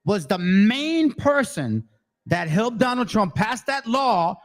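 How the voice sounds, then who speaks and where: A man's voice: high voice, sing-song, slow. Angry, profane man ranting. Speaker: commentator. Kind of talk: heated commentary on clips.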